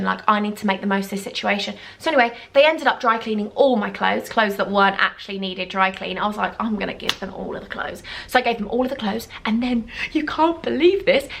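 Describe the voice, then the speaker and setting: A woman's voice: gravelly, a bit bright. Gushing, chatty young woman. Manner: acts out quoted voices with big pitch jumps. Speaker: YouTuber. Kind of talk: casual storytime chat.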